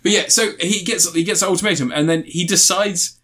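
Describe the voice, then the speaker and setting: A man's voice: high-pitched, brisk, pushed and bright. A man chatting casually on a podcast, retelling a TV series in a rambling way, restarting his sentences and laughing as he goes. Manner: rambling, restarts often, laughs while telling. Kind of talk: casual chat recapping a TV series.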